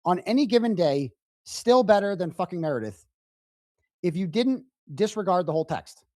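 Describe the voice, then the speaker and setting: A man hosting a live reaction stream, retelling messages in an indignant, animated way. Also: high-pitched, normal speed, no room sound, studio quality. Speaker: livestream host.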